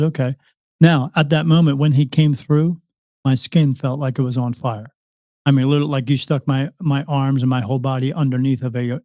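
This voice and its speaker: A man's voice: mid-range voice, dark tone, dry recording, studio quality. A man, a psychic medium, telling a long story as a podcast guest, rambling with restarts and acted-out dialogue. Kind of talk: casual interview storytelling.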